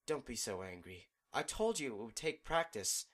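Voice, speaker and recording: A man voicing a gentle, teasing female pony princess in a fan audiobook reading. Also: mid-range voice, big pitch swings, normal speed. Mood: encouraging.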